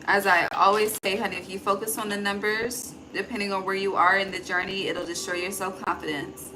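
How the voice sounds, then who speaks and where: A chatty woman talks through an intuitive card reading at an everyday pitch, thinking aloud as she goes. She swears freely and calls her listener honey. A steady hiss of background noise sits clearly under her voice. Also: a little fast, low-quality recording. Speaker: intuitive tarot reader. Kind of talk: casual spoken card reading.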